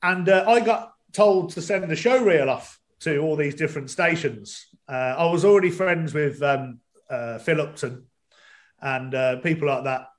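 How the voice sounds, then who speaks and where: A man's voice: a little high, normal speed. A man guesting on a talk show, speaking hesitantly with lots of ums, over a video call. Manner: hesitant, many ums and restarts. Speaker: guest, stadium announcer. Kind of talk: casual podcast chat.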